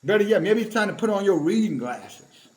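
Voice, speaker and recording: A man's voice: high-pitched, animated, fairly quick, darkish tone. A man preaching an emphatic, confrontational sermon, scolding his listeners and reading scripture aloud between his rebukes.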